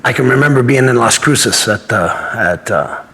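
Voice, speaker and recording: A man's voice: mid-range voice, lively intonation, normal speed, bright, forceful tone. A man in his fifties, a martial arts instructor, telling earnest personal stories as an interview guest and acting out the dialogue of the people in them. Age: 50s. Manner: earnest, anecdotal, acts out dialogue. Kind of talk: interview storytelling.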